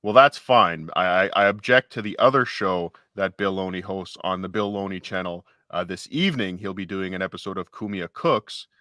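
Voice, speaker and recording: A man's voice: low-pitched, normal speed, hardly any pauses, bright, forceful tone, no room sound, studio quality. A man co-hosting a casual livestream chat, rambling and joking with mock-indignant asides. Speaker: co-host.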